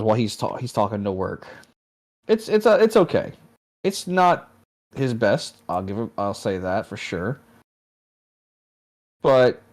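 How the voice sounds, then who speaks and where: Easygoing low-voiced man chatting. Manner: easygoing, hedging with fillers. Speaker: podcast co-host. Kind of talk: casual chat.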